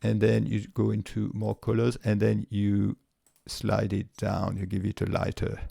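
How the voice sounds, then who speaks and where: Gravelly man explaining a spreadsheet tutorial. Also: lowish voice, measured pace, dry recording, studio quality. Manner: relaxed step-by-step explaining with fillers and restarts. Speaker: tutorial presenter. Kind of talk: screen-recorded software tutorial.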